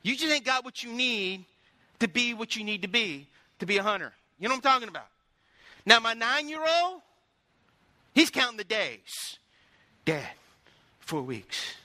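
A man's voice: extremely high pitch, expressive, normal speed, pushed and bright, no echo. A middle-aged man preaching a sermon as pastor, telling folksy stories and calling out to his congregation.

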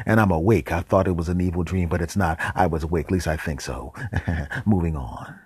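Deep husky man telling a tall tale. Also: a little fast, dry recording. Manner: deadpan with whispered asides. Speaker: podcast host. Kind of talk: comic storytelling.

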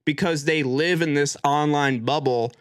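An animated young man co-hosting a podcast in a casual chat. His voice sits a little high and sounds dry and close, and he swears freely as he argues his point. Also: moderate pace, dry recording. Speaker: podcast co-host.

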